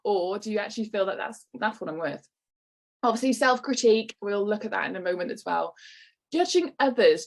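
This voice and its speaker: A woman giving an encouraging online workshop talk to business owners over a video call. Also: mid-range voice. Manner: encouraging, lightly acts out quoted voices.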